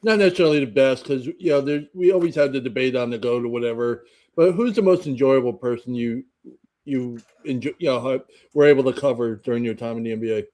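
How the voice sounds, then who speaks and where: A man's voice: medium pitch, fast talker, a little mellow. A man co-hosting a podcast, asking a loose, rambling question in casual chat. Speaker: podcast co-host.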